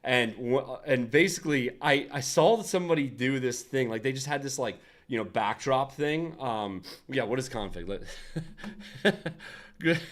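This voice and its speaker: A young man hosts a relaxed design livestream, talking off the cuff with lots of restarts. His voice sits at a medium pitch, and he laughs often as he answers his chat. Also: measured pace. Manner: rambling, restarts, frequent laughs and asides to chat. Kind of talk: casual livestream chat and tutorial.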